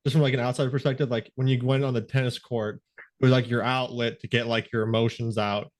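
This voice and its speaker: A man's voice: medium pitch, level tone, fairly quick. A man hosting a podcast, talking reflectively in casual conversation and leaning often on "like" as filler. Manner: reflective, leans heavily on "like" as filler. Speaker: podcast host.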